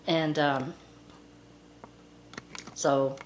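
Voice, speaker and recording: Woman, casual rambling storyteller, lowish voice, echoey room, faint background noise. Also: fairly even intonation, very slow. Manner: rambling, with many "and, uh" fillers. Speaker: vlogger telling a pet story.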